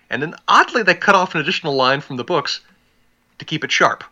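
Podcast co-host, male, very bright tense tone, slightly muffled lo-fi sound, relishes reading quotes. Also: fairly high pitch, animated, brisk. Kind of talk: casual chat.

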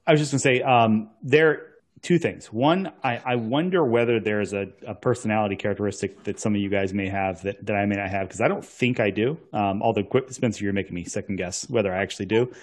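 A man from North Carolina with a low voice, chatting casually. He rambles and digresses, circling back to his points as he goes. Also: fast talker. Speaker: podcast co-host. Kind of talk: casual chat.

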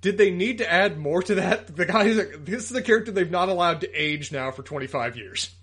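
A man's voice: sits high, animated, brisk, fairly bright tone, husky. A man co-hosting a podcast, working methodically through his complaints about an episode point by point. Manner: methodical, lists points, critical. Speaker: podcast co-host. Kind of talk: casual review chat, critique.

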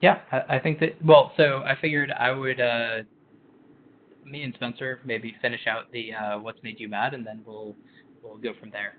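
A man's voice: mid-range voice, level tone, normal speed, slight background noise. Rambling man on a tinny line. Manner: rambling, many "like" fillers. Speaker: podcast co-host. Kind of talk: casual chat.

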